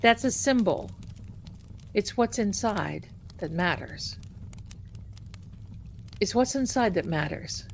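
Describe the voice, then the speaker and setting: A woman with a Boston accent hosting a tarot livestream, talking in a casual, animated and sarcastic way and repeating phrases for emphasis. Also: medium pitch, slow, long pauses, slight background noise.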